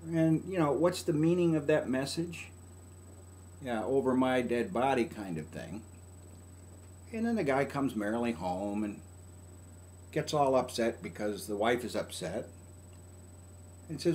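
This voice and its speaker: Older male counselor, folksy advice talk, mid-pitched, slight room hiss. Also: big pitch swings, measured pace, long pauses, a little mellow. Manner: folksy, conversational, acts out quoted lines. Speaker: family counselor.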